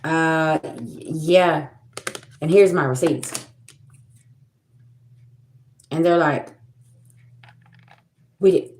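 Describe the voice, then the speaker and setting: Woman, livestream spiritual reader, low voice, blunt, profane, repetitive, echoey room. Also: darkish tone, slight background noise. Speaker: tarot reader.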